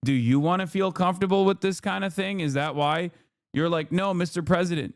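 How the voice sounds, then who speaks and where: A man's voice: high voice, brisk, clean tone. A man streaming live commentary on the news, sarcastic and profane, with frequent fillers and rhetorical questions. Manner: mocking and rhetorical.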